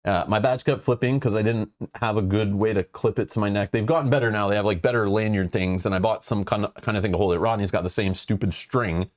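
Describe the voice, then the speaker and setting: A man's voice: fairly low pitch, quick pace, hardly any pauses. Male host, loose joking storyteller, casual stream chat. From Canada. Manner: rambling storyteller with many fillers, joking. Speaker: show host.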